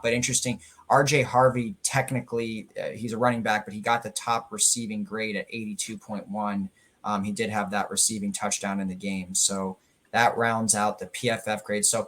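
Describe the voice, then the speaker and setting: A man co-hosting a casual sports podcast. His voice is fairly low, and he reads through player statistics in a steady, matter-of-fact run. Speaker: podcast co-host presenting stats.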